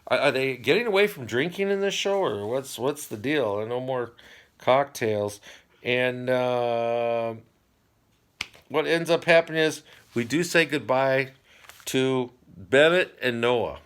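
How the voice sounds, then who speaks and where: A middle-aged man talks casually at home, rambling from point to point and dropping wry jokes as he goes. His voice sits at an ordinary middle pitch for a man. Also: unhurried, clear, resonant tone. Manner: chatty, rambling, wry asides. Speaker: channel host recapping a TV show. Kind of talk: casual chat.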